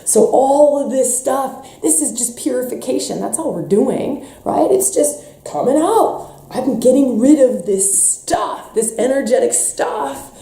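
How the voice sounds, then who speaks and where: Woman workshop leader, fairly high mellow voice, passionate spiritual talk, echoey room. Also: animated, unhurried. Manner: passionate, swearing, shifts between soft and emphatic.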